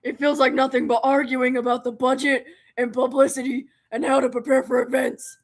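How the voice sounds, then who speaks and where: Reading a visual novel aloud, a woman voices a confident, friendly teenage club president who is upbeat, encouraging and talkative. Her voice is high and brisk, with little movement in pitch.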